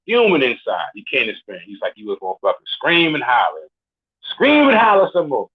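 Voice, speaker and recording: A man's voice: on the low side, husky. A man of forty, a caller on a live show, ranting bluntly and with swagger, swearing constantly. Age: 40s. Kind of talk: profane rant. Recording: tinny phone line.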